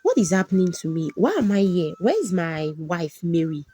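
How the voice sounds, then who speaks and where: A man's voice: sits high, big pitch swings, moderate pace, warm tone, husky, heavily acted. A woman voicing an emotional, pleading young husband in a folktale. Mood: confused. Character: bewitched husband, confused then remorseful.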